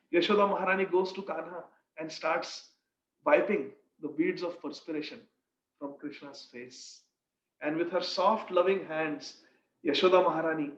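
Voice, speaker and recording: High-voiced man telling a devotional story. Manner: earnest, expressive, slow-paced storytelling. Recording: echoey room, dull lo-fi sound.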